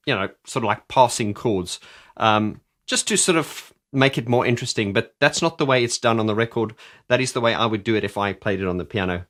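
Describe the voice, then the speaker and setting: A man's voice: on the low side, fairly bright tone. A man reviewing and explaining an album's keyboard parts, talking casually and enthusiastically with many restarts. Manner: enthusiastic, rambling with restarts, sings along. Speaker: music reviewer.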